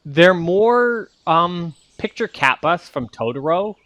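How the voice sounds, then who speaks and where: A man's voice: sits high, expressive, slow pace, fairly bright tone, dry recording. A man running a tabletop game as game master, describing things in a meandering way with many fillers.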